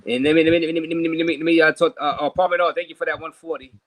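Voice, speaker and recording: A man's voice: fairly high pitch, fairly even intonation, racing, a bit bright. A man hosting a casual livestream, thanking viewers and stumbling over repeated words while he drinks. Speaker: livestream host.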